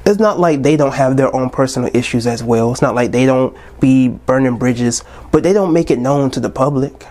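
A man's voice: medium pitch, moderate pace, darkish tone. A man in his twenties hosting a podcast, talking in a casual, impassioned, preachy monologue. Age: 20s. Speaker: podcast host.

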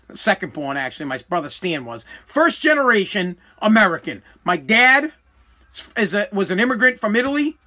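A high-voiced man with a Boston accent rants on his podcast, loud and combative, swearing freely. His tone is bright and pushy, and he hammers his points over and over. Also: big pitch swings, normal speed. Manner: loud, combative ranting with profanity. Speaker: podcast host. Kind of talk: ranting solo podcast.

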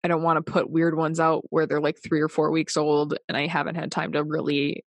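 Low-voiced swearing podcast woman. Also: completely flat delivery, brisk, no echo. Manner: swears a lot, jokey. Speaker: podcast co-host. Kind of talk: casual chat.

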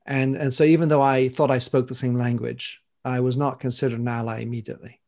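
Man, French accent, middle-aged, podcast guest, measured reflective answers, mid-pitched voice. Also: little pitch movement, a little mellow. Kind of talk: conversational interview answers.

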